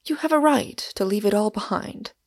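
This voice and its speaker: Woman reading a russian gentleman making his case, measured, gravelly, dry sound. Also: medium pitch, animated, dry recording. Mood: reasoning. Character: reasoning male Russian gentleman narrator. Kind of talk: audiobook character reading.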